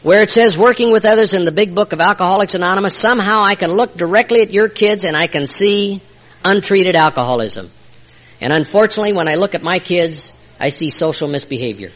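An older man sharing a heartfelt personal testimony at a recovery meeting, moving between hushed and emphatic delivery. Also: high-pitched, brisk. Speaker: speaker sharing his recovery story.

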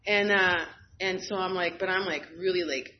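A woman's voice: lowish voice, steady tone, moderate pace, slight background noise. A woman giving a candid, self-deprecating personal testimony at a recovery meeting, often laughing at herself. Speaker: speaker sharing at a recovery meeting. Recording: slightly dull, lo-fi recording.

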